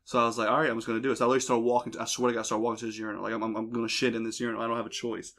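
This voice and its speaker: A man's voice: mid-range voice, monotone, rapid-fire, a bit bright. A young man hosting a podcast, telling a crude, rambling story in casual chat. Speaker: podcast host. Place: basement.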